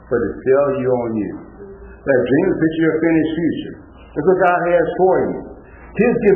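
A man delivers a motivational speech in a preacherly way, swinging from loud bursts to hushed lines. His voice sits high, and the sound is thin and phone-like. A long echo and faint hiss hang around him in the hall. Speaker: motivational speaker. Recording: echoey hall over a tinny line.

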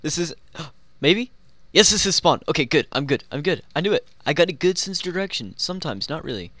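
A young man giving excitable, joking commentary while playing a game, talking to himself and the players around him. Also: on the high side, brisk, no room sound. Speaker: gaming YouTuber. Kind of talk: live Minecraft gameplay commentary.

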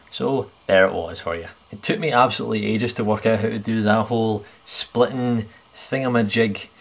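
A man's voice: on the low side, vocal fry. A man talking with himself in a casual improvised comedy skit, rambling and self-mocking, recorded at home on a camera in his sitting room. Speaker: video blogger playing himself and his clone. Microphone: camera on a TV unit.

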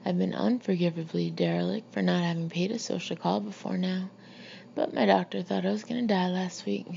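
A woman's voice: on the low side, steady tone, fairly quick, vocal fry, mellow. A woman voicing a tiny, elegant old Southern lady who speaks in a prim, courteous way, in a muffled lo-fi recording. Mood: genteel. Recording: muffled lo-fi recording with faint hiss.

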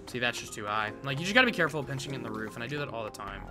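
A man giving casual, excitable gameplay commentary full of gamer slang. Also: mid-range voice, racing, music in the background. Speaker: gaming content creator.

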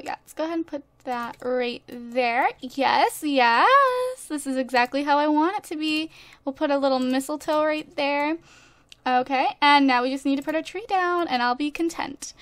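A woman's voice: sits high, fairly bright tone. A woman casually commenting while she plays a life-simulation game, bubbly and chatty, gushing to her viewers and laughing often, into a desk microphone. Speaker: gaming YouTuber. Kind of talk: casual let's-play commentary. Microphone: desk USB microphone.

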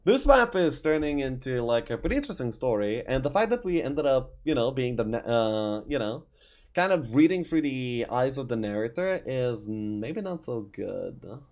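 Lively man reading game story aloud. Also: mid-range voice, normal speed. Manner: dramatic read-aloud with frequent "uh" and asides. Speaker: gaming YouTuber reading a map's story. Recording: faint music behind.

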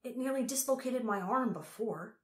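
A man's voice: very high-pitched, animated, normal speed, pitched above the performer's own voice. A woman reading the part of a determined young male hero who speaks firmly and impatiently. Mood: complaining. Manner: firm, impatient. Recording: roomy echo.

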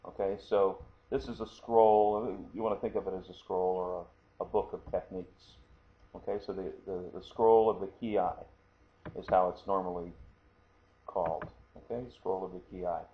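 Low-voiced man explaining patiently, tinny audio. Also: steady tone, moderate pace. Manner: patient, explanatory, frequent "okay?" check-ins. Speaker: martial arts instructor. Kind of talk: screen-recorded lesson. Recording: tinny phone-like audio, faint hiss.

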